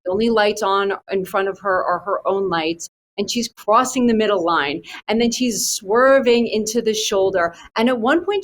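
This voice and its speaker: Chatty woman reporter on a news panel. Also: medium pitch. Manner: conversational, uses fillers, stresses danger. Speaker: investigative reporter.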